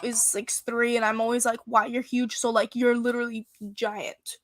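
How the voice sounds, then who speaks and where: A young woman joins a live stream as a guest, tired after a long day but chatty and quick to react. Her voice sits a little high for a woman. The sound is dry and close. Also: level tone, no room sound. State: tired and yawning. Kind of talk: casual live-stream chat.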